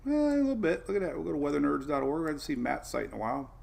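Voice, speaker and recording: Going over the maps on a casual live weather show, a man with a slightly high, gravelly voice talks very fast, rambling and throwing in excitable asides.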